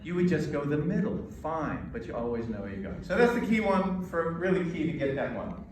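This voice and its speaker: A man's voice: a little high, animated, a little mellow, distant mic, slight background noise. Emphatic American man lecturing in an echoey hall. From United States. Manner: emphatic, with pauses and demonstrations. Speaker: presentation coach. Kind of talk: lecture to a live audience. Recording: echoey hall recorded from afar.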